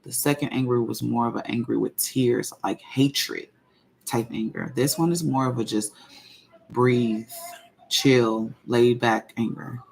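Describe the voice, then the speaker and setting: Gravelly-voiced woman venting calmly. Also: extremely low pitch, a little hiss or hum. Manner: slow, measured venting, repeats herself. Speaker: channel host. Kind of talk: casual livestream talk.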